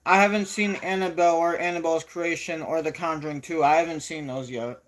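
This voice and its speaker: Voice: mid-range voice, steady tone, fairly quick. A young adult live streamer chatting casually, rambling and correcting themself often, with frequent swearing. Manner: rambling, self-correcting, profane.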